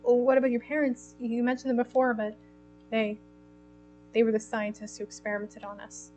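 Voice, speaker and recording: A woman voicing a gentle, grief-stricken young man, speaking quietly and shakily. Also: a little high, monotone, fairly quick, faint music behind, lightly acted, poor audio. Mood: grieving. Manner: quiet, trembling, subdued.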